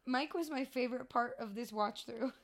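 A woman co-hosting a podcast in casual chat, animated and expressive, swearing freely and laughing often. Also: fairly high pitch, moderate pace. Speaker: podcast co-host.

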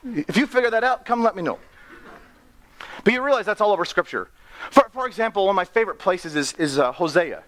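A man preaching an animated sermon, often laughing and acting out the people in his story. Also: sits high, brisk. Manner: excitable, laughs often, acts out characters.

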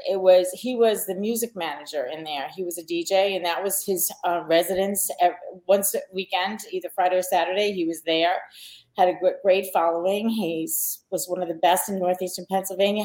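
A woman's voice: lowish voice, darkish tone. A middle-aged woman from Long Island, chatting as a podcast guest and telling stories with frequent fillers and restarts. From Long Island, New York. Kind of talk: casual conversation.

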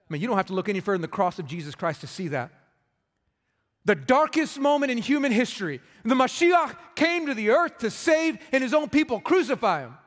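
A man in his thirties, a pastor preaching a sermon, impassioned and rising to loud emphatic peaks. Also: high-pitched. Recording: long reverb of a large hall.

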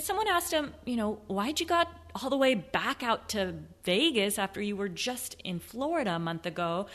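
Animated woman giving a motivational talk. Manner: animated, acts out excuses in a high mocking voice, drops to a soft near-whisper. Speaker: podcast host, sales coach. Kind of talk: motivational solo podcast talk.

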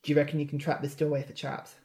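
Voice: medium pitch, level tone, very fast, dark tone, slight background noise. Hesitant tabletop player thinking aloud. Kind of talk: casual tabletop play.

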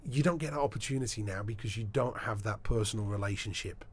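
A man being interviewed as a sports broadcaster, telling animated anecdotes in a casual chat, often restarting his sentences. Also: on the low side, quick pace, slight background noise.

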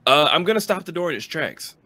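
A man's voice: fairly high pitch, animated, fast, pushed and bright, slight background noise. A man playing a tabletop game, carefully double-checking the rules before he rolls. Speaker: player.

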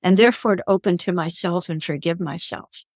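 A woman's voice: fairly low pitch, a little fast, dry recording. A woman guest on a podcast interview, telling personal spiritual stories in an earnest, reflective way. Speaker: guest, author and columnist.

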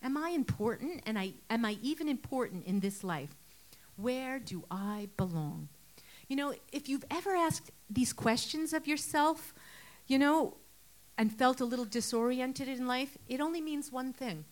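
An earnest woman delivering a sermon. She talks conversationally, asks her listeners rhetorical questions, and her voice sits a little on the higher side. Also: animated, moderate pace. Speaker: preacher.

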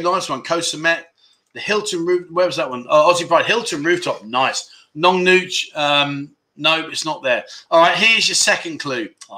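A man's voice: a little high, bright, forceful tone. A man hosting a casual livestream quiz, chatting and teasing viewers as he reads their comments aloud. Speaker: livestream host.

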